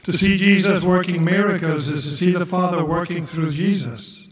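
A male priest giving a homily in a slow, measured way, sometimes chanting the gospel reading. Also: high-pitched, steady tone. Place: church. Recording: echoey church from far off.

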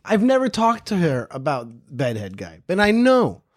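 A man's voice: sits high, wildly swooping pitch, moderate pace. A man hosting a podcast, telling a casual, profane story and repeating phrases for emphasis. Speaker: podcast host.

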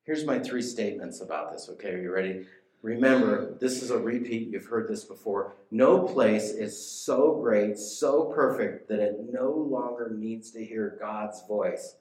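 A man's voice: lowish voice, unhurried, a little mellow, roomy sound. A man preaching a sermon in a conversational way, often asking his listeners questions.

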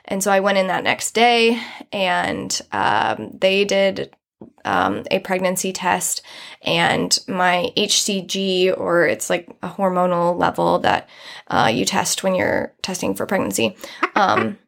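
A young woman hosts a podcast, candidly telling a personal story in a rambling way, with lots of fillers and laughter through the hard parts. Her voice is fairly low, expressive, slow, creaky and slightly bright.

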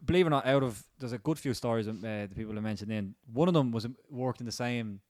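A man's voice: medium pitch, darkish tone, no echo, clean studio sound. Easygoing Irish man reading stories. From Ireland. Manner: easygoing, reads listener stories, quick quips. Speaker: podcast co-host. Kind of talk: casual chat.

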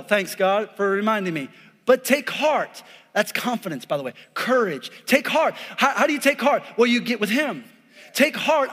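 A man preaching a lively, conversational sermon as a pastor, calling out to his congregation. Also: very high voice, big-room sound. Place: church sanctuary.

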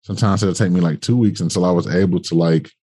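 Brief: young male podcast guest, low husky voice, casual profane storyteller. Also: fast. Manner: animated, colloquial, swearing, acts out dialogue.

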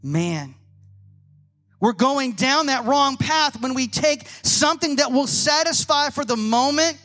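A man preaching a sermon to a congregation, telling animated stories and asking rhetorical questions. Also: very high voice, a little slow. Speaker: pastor.

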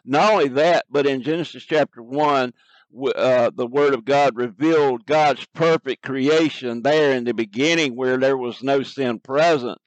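A man's voice: mid-range voice, a little slow, no echo, muffled recording. A man preaching a sermon and reading scripture aloud, earnest, with frequent fillers and repeated words.

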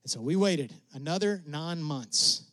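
A middle-aged man preaching a testimony, telling his story with animated leaps up in pitch when excited. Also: unhurried, no room sound. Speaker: preacher sharing a mission testimony. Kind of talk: sermon storytelling.

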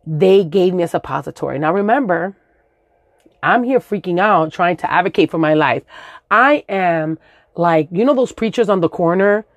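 A young woman telling a profane, animated comic story about her childhood. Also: lowish voice, normal speed, dry recording. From Brooklyn, New York. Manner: animated, profane, acts out voices in shrieks.

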